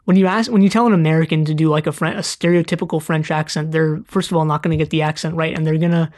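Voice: medium pitch, fairly even intonation, fast, darkish tone. A podcast co-host talking casually, chatty, often trailing off and restarting mid-sentence.

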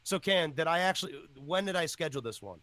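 Male podcast host, excitable and profane, animated highish delivery. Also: fast talker, dry recording. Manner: loud, excitable, swears a lot. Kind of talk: casual podcast chat.

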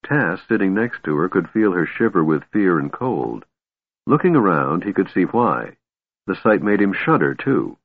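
A man reading a fantasy audiobook aloud, expressive and shifting voices for each character. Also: deep voice, normal speed, slightly rough. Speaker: audiobook narrator. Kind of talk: scripted narration. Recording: tinny phone-like dry sound.

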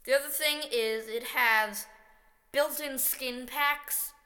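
Slow, bright-voiced woman vlogger. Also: sits high. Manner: chatty and upbeat. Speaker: video host. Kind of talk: casual game-ranking vlog. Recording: echoey room with long reverb.

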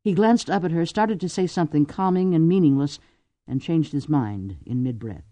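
A woman narrating a novel aloud with expressive, lively storytelling. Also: low-pitched, normal speed, no room sound. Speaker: audiobook narrator. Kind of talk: scripted narration.

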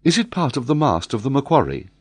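A man reading an audiobook, voicing a compassionate noblewoman in a lifted, softer voice. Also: medium pitch, sing-song, fairly quick, husky, dry recording, pitched above the performer's own voice. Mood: concerned. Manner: soft, raised delivery. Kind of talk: audiobook character voice.

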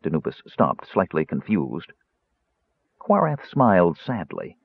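Husky, expressive male audiobook narrator. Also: low voice, a little slow, dry recording. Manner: expressive, voices characters. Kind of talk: scripted fantasy narration. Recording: tinny phone-like audio, dry.

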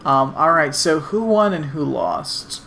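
A man's voice: fairly high pitch, slow pace, creaky, a little hiss or hum. A man co-hosting a podcast, casually recapping a sitcom episode and acting out the characters' lines. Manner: animated retelling, acts out quotes. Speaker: podcast co-host.

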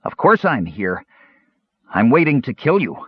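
A man's voice: mid-range voice, sing-song, a little slow, breathy edge, no echo, dull audio, voice pushed up. A man voicing a small, frightened male kender under a ring's curse, swinging between eerie menace and pleading in an audiobook. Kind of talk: audiobook character voice.

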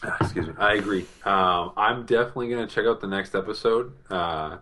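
A man with a very low voice and a Boston accent, chatting casually about a TV show with his podcast co-host. He talks haltingly, with lots of fillers and restarts along the way. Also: bright, forceful tone. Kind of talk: casual TV review chat.

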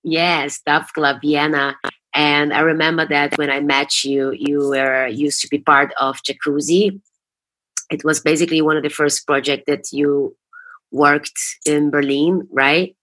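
A woman's voice: low voice, little pitch movement, unhurried, a bit bright. A woman hosting a casual radio interview over a video call, chatty and leaning on fillers. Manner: chatty, leans on fillers like "basically". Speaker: radio host.

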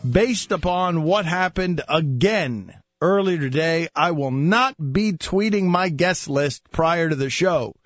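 A man with a high voice hosts sports talk radio, sounding incredulous and teasing. His voice is close and dry, with a slightly dull sound. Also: slow pace, few pauses, dry recording, soft background music. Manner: incredulous, mocking, emphatic. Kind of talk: casual sports radio banter.

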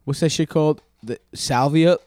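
A man's voice: on the high side, normal speed, a little mellow, no room sound. A man co-hosting a comedy podcast, profane and eager, peppering the others with questions. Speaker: podcast co-host. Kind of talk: casual comedy banter.

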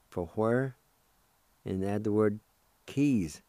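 Slow, patient man teaching. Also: on the low side, mellow, no room sound. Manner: slow, patient, spells words letter by letter and repeats them. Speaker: radio host teaching Cherokee. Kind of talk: radio language lesson.

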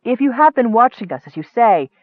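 A man voicing a proud, defiant young woman who is a swordswoman, speaking forcefully. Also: extremely high pitch, big pitch swings, brisk, no room sound, pitched above the performer's own voice, heavily acted. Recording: tinny phone-like dry sound.

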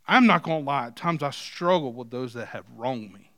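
A male pastor preaching a sermon, moving from quiet scripture reading to loud, emphatic points. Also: mid-range voice, expressive, moderate pace, dry recording, clean studio sound. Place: church.

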